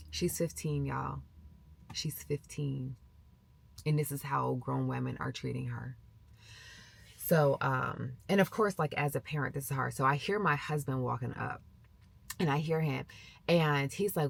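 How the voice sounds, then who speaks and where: Middle-aged woman vlogger, slight vocal fry, casual animated storyteller who mimics the people she quotes. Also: very deep voice, measured pace. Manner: animated, acts out quoted voices.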